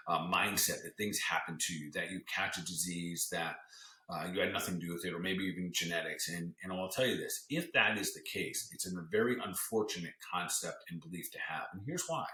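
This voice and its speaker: A man's voice: deep voice, sharp tone, echoey room, rough recording. A male podcast host and doctor giving an earnest, motivational health talk, coaching listeners and often restarting his sentences.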